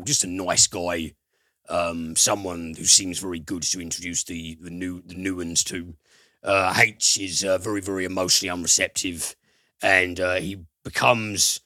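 A very deep-voiced man with a forceful, bright edge talks through a film plot. He rambles with plenty of fillers and drops swear words as he retells the scenes. The sound is close and dry. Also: dry recording. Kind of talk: casual film review chat.

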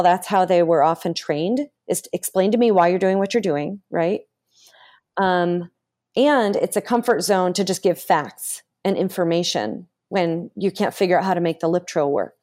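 A woman guest in an interview, talking about voice therapy in an animated way and acting out her therapy cues aloud. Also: medium pitch. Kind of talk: casual interview talk.

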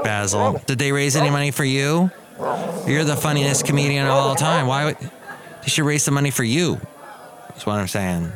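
A man hosting a casual solo podcast, talking in a chatty way with sarcastic asides and often mimicking other people in a high voice. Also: fairly bright tone. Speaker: podcast host.

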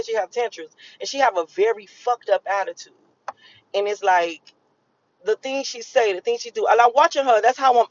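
A woman's voice: a little high, muffled recording. A woman talking casually and emphatically to camera, rambling and repeating herself and swearing freely as she explains a spiritual reading. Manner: rambling, emphatic and profane, with repetitions. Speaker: vlogger giving a spiritual channeling reading. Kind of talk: casual spoken monologue.

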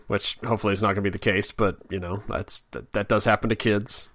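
A man's voice: lowish voice, expressive, moderate pace, a bit bright, no echo. A man co-hosting a casual chat with dry, self-deprecating humor. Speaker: podcast co-host.

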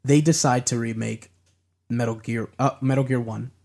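Dude co-hosting a game podcast, asks stuff, argues back a bit, chill. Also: male voice, medium pitch, fairly even intonation, normal speed, gravelly, darkish tone. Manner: conversational, asks questions and pushes back. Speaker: podcast co-host. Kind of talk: casual gaming chat.

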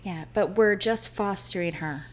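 A woman, a chatty podcast guest who rambles and talks warmly about home. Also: medium pitch, unhurried. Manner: chatty, rambling, warm-hearted. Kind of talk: casual podcast chat.

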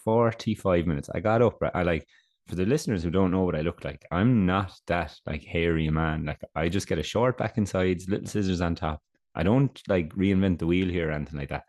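In a low, somewhat mellow voice and at a slightly quick clip, a young man co-hosting a podcast tells stories through a stuffy nose. The chat stays casual, and he laughs frequently.

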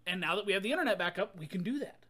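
A man's voice: high voice, expressive, racing, sharp tone. A man co-hosting a podcast, chatting casually and laughing through loose banter. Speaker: podcast co-host. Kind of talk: casual chat.

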